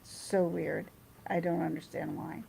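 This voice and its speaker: Gravelly, low-toned woman livestreaming. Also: little pitch movement, a little slow, warm tone, a little hiss or hum, low-quality recording. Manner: rambling, personal, trails off and restarts. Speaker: livestreamer reading chat. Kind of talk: casual livestream chat.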